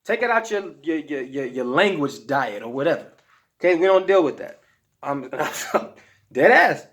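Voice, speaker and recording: Male health vlogger, slightly high voice, emphatic and slangy, talking straight to camera. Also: expressive, moderate pace, a bit bright. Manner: emphatic, slangy, repeats "okay?" to check in. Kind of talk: casual motivational talk to camera.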